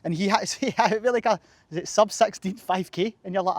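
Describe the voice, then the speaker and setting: A man's voice: sits high, brisk, no echo. A young man, a fitness coach, chatting casually and swearing a lot outdoors at a cold running track, out of breath after a session. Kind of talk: casual vlog chat.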